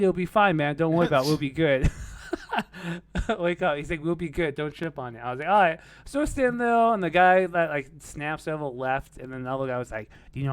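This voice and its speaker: A young man telling a long, rambling tale on a podcast, with lots of fillers and swearing and laughs at his own story. His voice sits a little high and comes across bright and forceful. The sound is dry and close. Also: dry recording. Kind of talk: casual storytelling.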